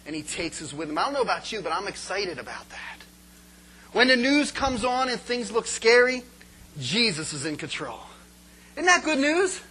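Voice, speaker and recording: A male preacher with a high, bright voice delivers a lively sermon, throwing questions out to the congregation and building to loud, rising peaks. His tone stays crisp and forward as he sometimes drifts away from the mic. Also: moderate pace, rough recording. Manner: energetic, call-and-response with congregation.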